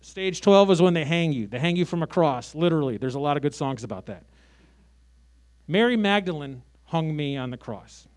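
Stand-up comic in his late thirties, from Chicago; high voice, brash sarcastic delivery that jumps between loud and quiet. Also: expressive, normal speed. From Chicago, USA. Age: 30s. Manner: brash, sarcastic, big swings in loudness. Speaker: stand-up comedian. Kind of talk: stand-up comedy set.

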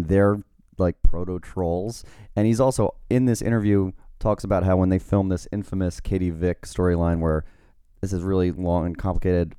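A man with a very deep, warm, smooth voice recounts stories in a relaxed, dry-humored podcast chat. He sits close to the mic, and the sound is dry. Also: dry recording. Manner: relaxed, wry storytelling with fillers. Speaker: podcast co-host and writer.

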